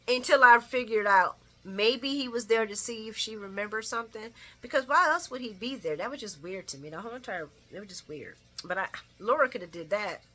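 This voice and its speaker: A woman's voice: medium pitch, sharp tone. A woman giving a casual late-night soap opera recap, blunt and opinionated, cursing freely and laughing often. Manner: laughs often while talking.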